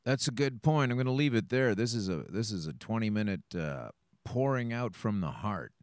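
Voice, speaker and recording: A man's voice: lowish voice, normal speed, no echo, studio quality. A man hosting a podcast, talking bluntly and casually, introducing a clip and commenting on it. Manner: blunt, swears, lively intonation. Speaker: podcast host.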